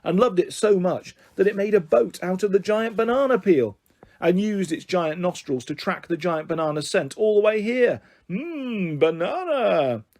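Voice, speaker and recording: A man's voice: sits high, lively intonation, normal speed, darkish tone, voice pushed up. A man reading aloud, voicing a clever young male writer in a children's storybook, explaining emphatically.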